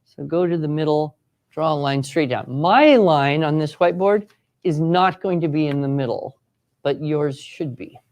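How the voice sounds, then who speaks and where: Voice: mid-range voice, moderate pace, darkish tone. A writing teacher leading a live classroom workshop, encouraging students and giving step-by-step directions. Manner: acts out sample voices for students.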